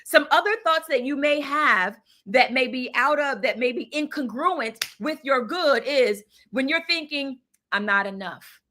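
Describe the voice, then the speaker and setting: A woman's voice: high voice, unhurried, hardly any pauses, pushed and bright. A woman hosting a live motivational stream, speaking emphatically to her chat, repeating phrases and often asking "right?". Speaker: host of a live mindfulness stream.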